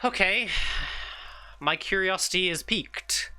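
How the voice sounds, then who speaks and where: A man voicing an impatient female high warden in a tabletop game who speaks in short, irritable demands. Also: animated, measured pace, bright, forceful tone, clean tone, exaggerated voice, poor audio.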